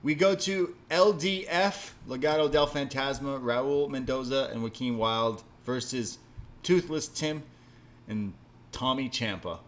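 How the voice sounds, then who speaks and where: A man's voice: mid-range voice, measured pace. A man co-hosting a wrestling review podcast, recapping the show in casual chat and acting out wrestlers' lines. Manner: animated, acts out wrestlers' lines in exaggerated voices.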